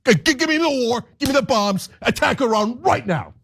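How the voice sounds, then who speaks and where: High mocking caricature of a demanding warmonger, put on by a male commentator. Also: animated, fairly quick, gravelly, slightly rough, full character voice.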